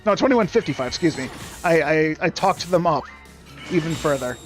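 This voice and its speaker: A man's voice: on the high side, animated, moderate pace, soft background music. A young man streaming a game, ranting casually in a sarcastic, profane, rambling way. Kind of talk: casual rant while gaming.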